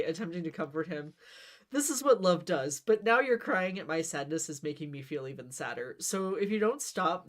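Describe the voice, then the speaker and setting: A woman reading a comic gamebook aloud in a casual, playful way, with asides and small slips. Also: sits low. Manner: playful, laughs at own jokes, slips and restarts. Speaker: book reader.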